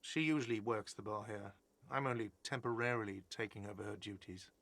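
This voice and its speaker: A man's voice: on the low side, fairly quick, fairly bright tone, dry recording. An actor voicing a whiny, defensive male cafeteria manager in a video game, dry close sound. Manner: defensive, sarcastic. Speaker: game character.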